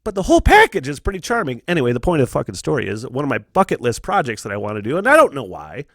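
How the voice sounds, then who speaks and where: A man's voice: medium pitch, wildly swooping pitch, racing, fairly bright tone, no echo, clean studio sound. A man hosting his own podcast, talking candidly and casually, swearing a lot and laughing often. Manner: profane, rambling, laughs often. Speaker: podcast host.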